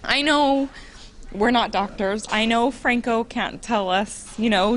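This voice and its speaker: A woman in her forties, an interview guest, sharing an emotional personal testimony with earnest warmth and occasional laughter. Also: a little high, animated, unhurried.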